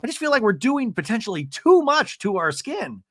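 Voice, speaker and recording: A man hosting a podcast, recapping a reality show in casual, animated chat with jokey asides. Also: sits high, moderate pace, no echo, clean studio sound. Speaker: podcast host.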